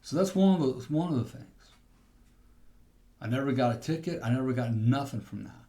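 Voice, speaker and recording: A man's voice: medium pitch, animated, fairly quick, dark tone. A man hosting a podcast, telling a personal testimony in a rambling storytelling way with restarts. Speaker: podcast host.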